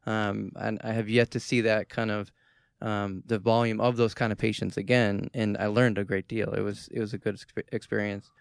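Brief: man from Boston, smooth clear voice, animated chat, dry sound. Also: fairly low pitch, normal speed, dry recording. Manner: animated storyteller, many fillers. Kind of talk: casual podcast chat.

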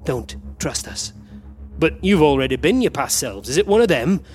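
A squabbling male time traveler arguing with his own other selves. He trades quick comic banter and yelps through scuffles in a fairly high voice. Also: big pitch swings, a little mellow. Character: bickering versions of one male time traveler. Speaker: actor in a live comedy audio play. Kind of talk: stage comedy acting. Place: live theatre stage.

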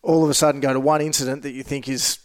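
A man's voice: mid-range voice, level tone, rapid-fire, smooth. Man, interview guest, earnest, hesitant, lots of fillers. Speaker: guest, fitness coach. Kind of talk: casual interview talk.

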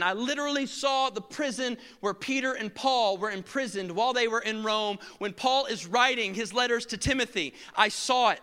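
Man, pastor, sermon, crisp resonant voice, long reverb. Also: very high-pitched. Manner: animated storytelling, acting out scenes.

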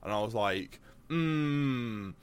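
A young man co-hosting a podcast in relaxed, casual chat. He rambles from tangent to tangent, stacking up fillers and false starts as he tells his stories. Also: mid-range voice, a little slow. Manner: rambling, tangent-prone, with many fillers and restarts. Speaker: podcast co-host.

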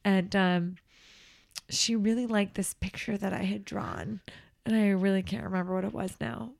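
A woman's voice: mid-range voice, steady tone, normal speed, vocal fry, a little mellow. A woman who works as a nanny, chatting on a podcast and giving earnest advice with frequent ums and laughs. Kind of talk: casual podcast chat.

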